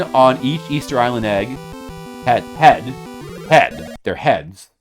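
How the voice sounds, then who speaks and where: A man streaming a retro video game, talking to his audience in a mock-dramatic way that swings from loud hype to quiet muttering. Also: medium pitch, big pitch swings, takes it slowly. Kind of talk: casual gameplay commentary. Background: video game music.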